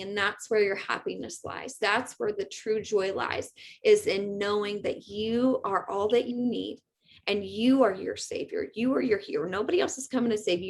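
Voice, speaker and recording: A woman giving an earnest, animated motivational talk, speaking straight to her viewers on a live stream. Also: mid-range voice, vocal fry. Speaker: spiritual medium and host.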